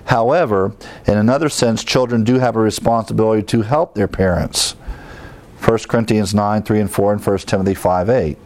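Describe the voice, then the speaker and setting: A man's voice: on the low side, steady tone, normal speed, a little mellow. A middle-aged man, a pastor, teaching verse by verse through a Bible passage, reading verses aloud and explaining them plainly. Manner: explains scripture plainly, reads verses aloud, with fillers and restarts.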